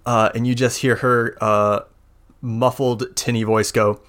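A man narrates a tabletop role-playing game as its game master. He describes the action in a loose, easygoing way, often pausing with "uh" and "like". His voice is of middling pitch for a man. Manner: relaxed, filler-heavy narration with many "like" and "uh".

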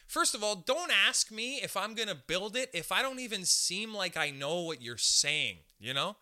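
A young man from Canada hosts a casual comedy podcast, telling a story with lots of swearing and quick acted-out bits of dialogue. His voice is very bright and sits a little high for a man. He swings his pitch wide as he plays the other people in the story. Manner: animated, swears a lot, acts out other people's lines. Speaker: podcast host.

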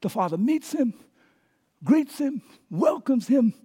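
A male pastor preaching a sermon with animated call-outs to the congregation. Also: very high voice, slow, slightly rough.

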